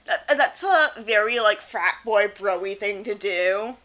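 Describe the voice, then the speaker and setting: A woman's voice: mid-range voice, animated, slow, pushed and bright. A woman co-hosting a casual podcast recap, laughing often and acting out quotes. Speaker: podcast co-host.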